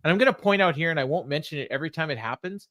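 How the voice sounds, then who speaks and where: A man's voice: fairly high pitch, lively intonation, racing, a bit bright. A man co-hosting a podcast, casually recapping a wrestling show, quoting the wrestlers and laughing often. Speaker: podcast co-host.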